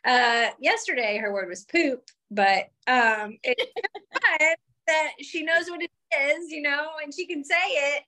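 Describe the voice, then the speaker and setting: Bright high-voiced woman co-host. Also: animated, takes it slowly. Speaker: podcast co-host. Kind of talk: casual chat.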